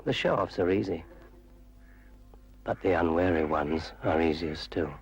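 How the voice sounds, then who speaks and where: A sinister water spirit. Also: male voice, low voice, husky, full character voice. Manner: slow, sinister, deliberate narration. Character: menacing male spirit of dark water, Death. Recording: noisy old public information film audio.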